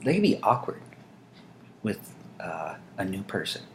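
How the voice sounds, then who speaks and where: A man's voice: low-pitched, very animated, measured pace, slight background noise. A man chatting casually to camera in a vlog, meandering and dry-humored, with frequent fillers. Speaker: vlogger. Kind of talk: casual rambling monologue to camera.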